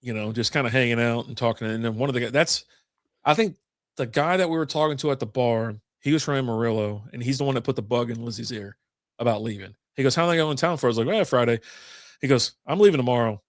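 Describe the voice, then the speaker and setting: A man's voice: medium pitch, quick pace, no echo, studio quality. A man with a drawl, co-hosting a podcast, rambling through stories over beers and swearing freely. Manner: rambling storyteller, swears a lot. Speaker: podcast co-host. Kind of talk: casual chat over beers.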